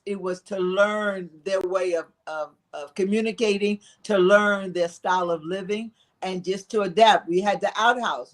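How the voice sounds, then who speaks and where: A woman guest recounts family history at an easy pace. She speaks reflectively, pausing with soft fillers as she gathers her thoughts. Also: mid-range voice. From Philadelphia, living in South Carolina. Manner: reflective, storytelling with frequent "uh" pauses. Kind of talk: casual interview storytelling.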